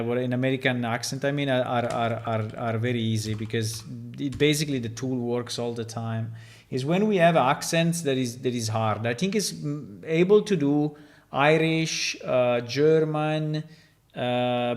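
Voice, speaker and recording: A man who is not a native English speaker, a game developer thinking aloud while he works, halting and full of fillers. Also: mid-range voice. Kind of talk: casual livestream while working on a game.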